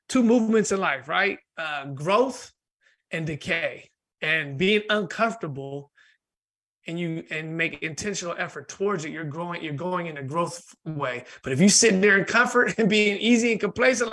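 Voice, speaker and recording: Male guest, high bright voice, lively storyteller. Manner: lively, laughs often, acts out voices. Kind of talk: animated storytelling in conversation.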